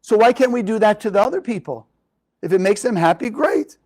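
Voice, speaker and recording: A man with a high voice teaching a spiritual lesson to a live group. He speaks expressively and keeps turning to his listeners with questions. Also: fast, a little mellow, low-quality recording.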